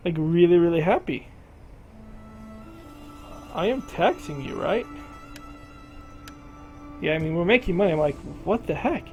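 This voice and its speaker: Man voicing strategy-game commentary, slow and unhurried, thinks aloud, soft game music behind. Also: a little high, animated, highs cut off. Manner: thinks aloud, addresses game regions directly. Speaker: gameplay commentator.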